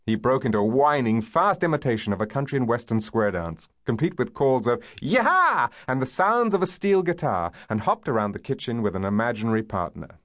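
A man narrating a novel as an audiobook, in a measured and expressive storytelling manner. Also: medium pitch, no echo, studio quality. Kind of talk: scripted narration.

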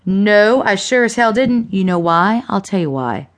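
Narrator doing nasty cursing femme fatale, taunting, slow and drawn out. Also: female voice, mid-range voice, expressive, natural voice. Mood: menacing. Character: ruthless foul-mouthed woman, cold and vicious.

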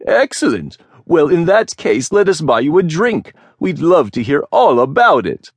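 A man voicing an eager, excitable male mutant merchant in a storybook reading. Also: a little high, slow, no room sound, clean studio sound, pitched above the performer's own voice, heavily acted. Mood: excited. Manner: breathless, gushing.

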